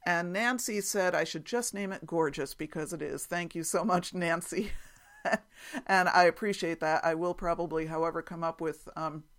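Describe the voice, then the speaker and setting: A woman with a slightly low voice hosts her podcast in a relaxed, chatty way. She reads through listener notes with plenty of "um"s and soft laughs. She sounds easygoing and unscripted. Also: moderate pace. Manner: chatty, many fillers and small laughs. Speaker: quilting podcast host. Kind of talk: casual podcast chat.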